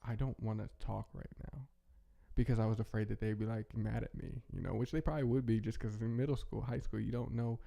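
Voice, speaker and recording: A man hosting a casual, rambling monologue, talking in a relaxed way with many restarts. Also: mid-range voice, fast, gravelly, few pauses. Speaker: host.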